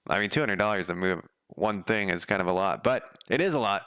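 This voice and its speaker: A man's voice: on the low side, expressive, fast talker, a bit bright, clean tone, no room sound. A man developing a game on a live stream, chatting casually and rambling off on tangents as he thinks aloud. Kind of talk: casual live coding chat.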